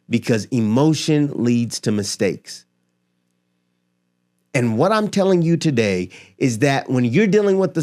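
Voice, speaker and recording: A man's voice: a little high, darkish tone. A man speaking straight to his viewers in a motivational talk about money, emphatic and building his points with rhetorical questions and repetition. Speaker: finance and motivation creator. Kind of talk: direct-to-camera motivational talk.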